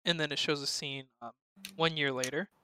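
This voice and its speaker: A man co-hosting a casual podcast about a movie, retelling scenes in an animated way and laughing at the shocking parts. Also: a little high, moderate pace, clear, resonant tone. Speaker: podcast co-host. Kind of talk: casual movie review chat.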